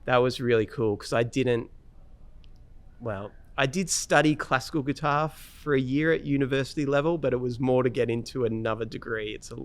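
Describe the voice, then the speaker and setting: A man's voice: mid-range voice, moderate pace, no echo. An Australian man in his thirties or forties, a guitarist chatting easily in an interview, with lots of fillers and restarts. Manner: relaxed storytelling with many fillers and restarts. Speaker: guest guitarist. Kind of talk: casual interview chat.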